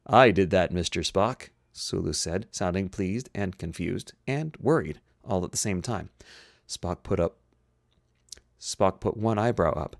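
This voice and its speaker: A man reading a novel aloud in steady, even narration. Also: deep voice, unhurried, vocal fry, dry recording, clean studio sound. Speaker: audiobook reader.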